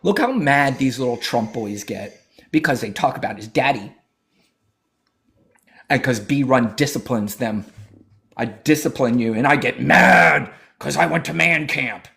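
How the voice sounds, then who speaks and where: A man's voice: mid-range voice, animated, unhurried, gravelly, pushed and bright. A man hosting a political livestream, talking in a brash, profane, mocking way, thanking viewers and scolding callers. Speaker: livestream host.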